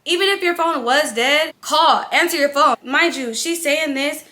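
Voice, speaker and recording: A young woman vlogger casually telling a story, animated and chatty, acting out the dialogue. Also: high-pitched, moderate pace.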